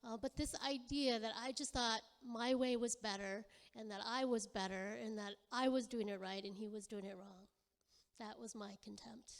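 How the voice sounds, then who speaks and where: A woman sharing a personal testimony in a soft, reflective way, her voice sitting a little high. The sound carries a long reverb from a church hall. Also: steady tone, moderate pace, creaky.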